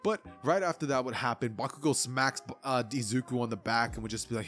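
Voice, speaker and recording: A man's voice: medium pitch, fairly quick, few pauses, a bit bright, soft background music. A young man narrating a fan-made anime what-if story in a casual, rambling way.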